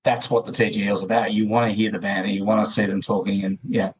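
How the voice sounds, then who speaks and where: An Australian man talks through a podcast interview, rambling and circling back on himself with plenty of fillers. His voice sits a little low and has a husky, slightly rough texture. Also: level tone, quick pace, low-quality recording. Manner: rambling, many restarts and fillers. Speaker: guest. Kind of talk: casual interview chat.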